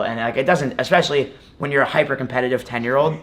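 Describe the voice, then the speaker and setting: A man's voice: mid-range voice, racing, hardly any pauses, a bit bright. A man in his twenties, a guest in an interview, telling a story casually with many "like"s and restarts. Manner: rambling, filler-heavy storytelling with many "like"s. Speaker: guest wrestler.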